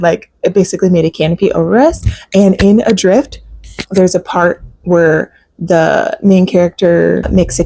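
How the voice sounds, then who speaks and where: Chatty woman with a gravelly, low voice. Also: no room sound. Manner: chatty and animated, laughs often, frequent "like". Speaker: podcast host. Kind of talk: casual solo chat. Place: home.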